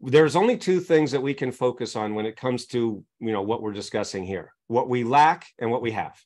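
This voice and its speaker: A man's voice: medium pitch, moderate pace, darkish tone. A man speaking as a coaching guest on a podcast, explaining his method through examples and constantly checking in with his listeners. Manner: teaches through examples, keeps checking in with "right?".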